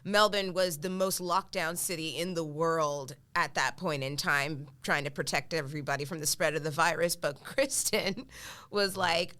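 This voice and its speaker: A woman's voice: sits low, fairly even intonation, normal speed, fairly bright tone. An American woman co-hosting a podcast, chatty and encouraging, asking her guest questions. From United States. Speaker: podcast co-host. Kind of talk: casual podcast chat.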